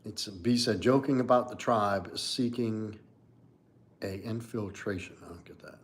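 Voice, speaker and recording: A man's voice: on the low side, a little slow. Blunt, profane man in his forties. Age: 40s. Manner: blunt, profane and candid, with frequent "like" and "you know". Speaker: coach and livestream host. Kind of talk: casual livestream chat answering viewer comments.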